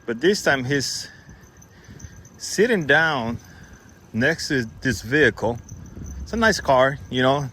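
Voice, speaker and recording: A man's voice: mid-range voice, animated, slow pace, pauses often, a bit bright, slight background noise. A man casually telling a story to camera, rambling and correcting himself as he goes, raising his voice when he quotes others.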